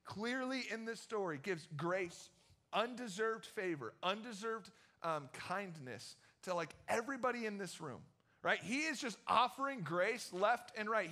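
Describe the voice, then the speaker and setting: Bright-voiced chatty young male pastor. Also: high voice, expressive, moderate pace. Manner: chatty, storytelling, many fillers. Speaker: youth pastor. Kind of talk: casual youth sermon. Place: church.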